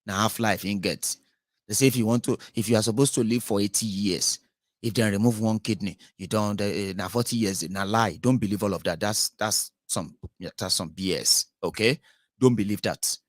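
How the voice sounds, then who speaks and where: A Nigerian man giving casual political commentary, animated and switching into Pidgin. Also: on the low side, normal speed, no room sound, studio quality. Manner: animated, mixes Pidgin, mimics voices. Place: United Kingdom.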